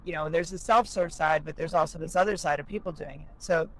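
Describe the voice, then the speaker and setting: A woman's voice: low-pitched, fast talker, a little hiss or hum, low-quality recording. A woman talking candidly in a vlog, emotional and rambling, about her experiences as a new business owner.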